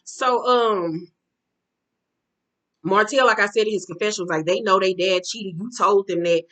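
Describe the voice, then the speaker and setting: A woman talks through a reality TV episode in a loose, chatty recap. Her voice sits at an ordinary middle pitch. She is blunt and profane, laughs often and acts out the people she quotes. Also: moderate pace, fairly bright tone. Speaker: reality show recap host. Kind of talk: casual reality TV recap commentary.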